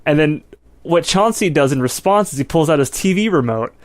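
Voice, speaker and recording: A man's voice: fairly high pitch, expressive, brisk, no room sound, clean studio sound. Rambling male podcast co-host. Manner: rambling, heavy use of "like" and "you know". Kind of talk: casual film review chat.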